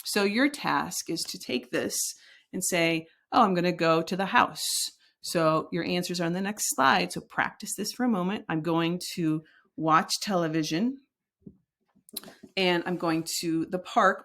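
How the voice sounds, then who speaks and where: A woman's voice: lowish voice, measured pace, creaky, fairly bright tone. A woman teaching a recorded lesson, explaining step by step and modeling example sentences aloud. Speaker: Spanish teacher.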